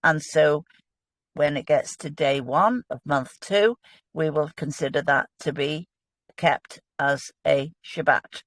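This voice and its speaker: A woman's voice: deep voice, slow, no room sound. A woman, a guest in a casual religious discussion, explaining with earnest enthusiasm.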